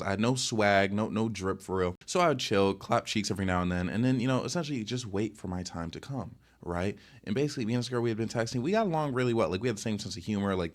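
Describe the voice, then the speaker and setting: Animated rambling young man telling stories. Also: lowish voice. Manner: rambling, animated, many fillers. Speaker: podcast host. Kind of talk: casual storytelling.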